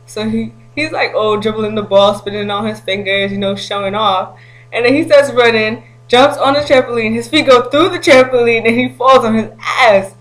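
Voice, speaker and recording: A woman's voice: a little high, rough recording. Chatty woman vlogger telling a story. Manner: animated and slangy, breaks into laughter. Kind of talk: casual storytelling to camera.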